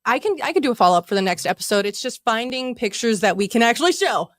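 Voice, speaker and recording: A woman's voice: a little high, big pitch swings, fast, no echo, clean studio sound. Laughing woman podcast co-host. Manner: laughs often, storyteller. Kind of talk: casual chat.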